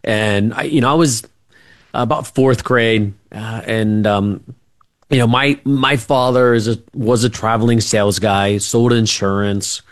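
A man's voice: on the low side, fairly even intonation, unhurried, no echo, clean studio sound. A middle-aged man, a radio interview guest, telling family stories in a rambling way with many fillers and restarts. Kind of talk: casual storytelling.

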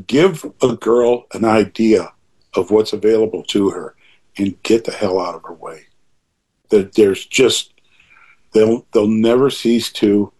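A man's voice: on the low side, a little mellow, breathy edge. An older man talking in a casual interview, rambling through asides and restarts while making emphatic, opinionated points. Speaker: interview guest.

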